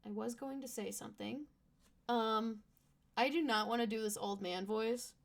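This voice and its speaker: A woman's voice: a little high, moderate pace, vocal fry. A woman streamer chatting casually and bluntly between game dialogue, with game music behind. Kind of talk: casual gaming stream chat.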